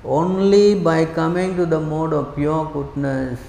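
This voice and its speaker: High-voiced man preaching in an echoey hall. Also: level tone, unhurried, gravelly, mellow. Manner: emphatic, keeps quizzing listeners with rhetorical questions. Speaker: spiritual teacher giving a class. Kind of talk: sermon. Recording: echoey hall with long reverb.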